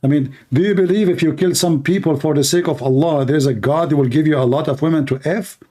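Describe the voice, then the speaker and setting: A man whose first language is Arabic, speaking English with a fairly high voice. He hosts a live debate stream and presses his caller with blunt, mocking questions, repeating each one until he gets an answer. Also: quick pace, mellow. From Middle East.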